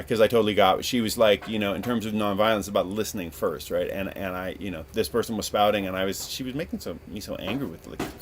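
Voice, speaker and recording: Male podcast host, low voice, rambling storyteller, casual and profane. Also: slight background noise. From Northern California.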